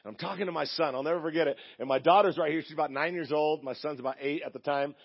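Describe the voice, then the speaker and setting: A man's voice: fairly high pitch, fast, creaky, husky, dull audio. A man preaching a sermon as pastor, telling a story in a chatty, joking way with acted-out voices. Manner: chatty, jokey, acts out quoted voices.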